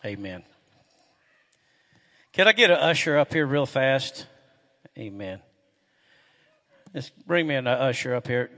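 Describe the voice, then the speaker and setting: A middle-aged man, a pastor preaching a sermon in a church and telling folksy stories, getting loud and animated when excited. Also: medium pitch, slow pace, long pauses. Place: church sanctuary. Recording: echoey hall with long reverb.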